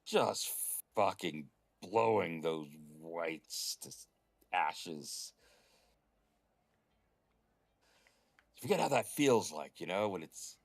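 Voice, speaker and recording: A battle-worn warrior with a deep voice who shrugs off praise and speaks casually, as a game master voices him. He talks in a laid-back, modest way and drops to a hush now and then. It is close to an ordinary speaking voice. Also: no room sound. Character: battle-hardened male warrior, bashful about praise.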